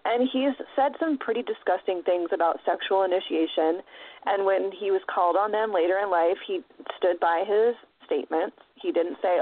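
A woman's voice: medium pitch, moderate pace. A woman talking in a casual discussion, passionate and emphatic, swearing freely as she makes her points. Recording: dry, phone-like narrow sound.

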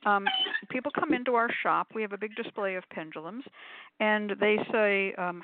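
A woman's voice: medium pitch, normal speed, no room sound. Chatty woman on a tinny call. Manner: chatty, animated storyteller, acts out quotes. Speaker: shop owner and pendulum teacher. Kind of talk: casual conversation, demonstrating. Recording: phone-like dry audio.

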